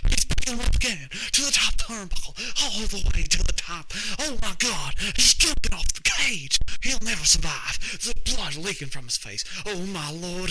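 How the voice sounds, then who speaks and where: A hyped-up male wrestling commentator bellows high, loud exclamations, as a man puts him on. Every call is a breathless shout, sharp and strained. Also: slight background noise, full character voice, poor audio.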